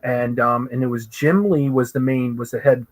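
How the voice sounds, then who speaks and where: A man's voice: normal speed, over a noisy crowd, rough recording. A man as an interview guest, telling stories animatedly with many fillers and raising his voice to act out what he and others said. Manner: animated, full of fillers, acts out quoted voices higher. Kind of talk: casual storytelling in an interview.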